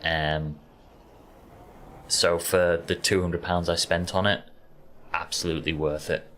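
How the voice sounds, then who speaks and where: A man's voice: low-pitched, little pitch movement, measured pace, fairly bright tone, a little hiss or hum. A man with a Yorkshire accent chatting casually to viewers while streaming a game from his bedroom, easygoing and rambling. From Yorkshire, England. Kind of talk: casual live-stream chat while gaming. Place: warm home bedroom.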